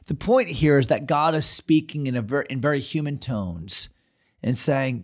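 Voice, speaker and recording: A man's voice: medium pitch, moderate pace. Earnest man teaching the Bible. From United States. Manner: earnest, animated, with frequent fillers.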